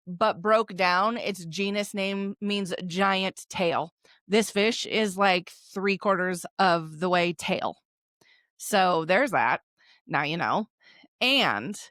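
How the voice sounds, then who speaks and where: A woman's voice: mid-range voice, a bit bright, no room sound, studio quality. A woman hosting a podcast alone, chatting casually in a rambling, self-deprecating way. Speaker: podcast host. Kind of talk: casual solo podcast chat.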